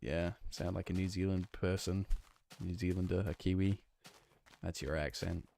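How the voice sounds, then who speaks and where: A man's voice: deep voice, steady tone, normal speed, vocal fry, mellow, slight background noise. A young man with a northwest English accent close to Manchester, chatting casually with his stream chat while he plays, rambling and restarting his sentences. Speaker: game streamer.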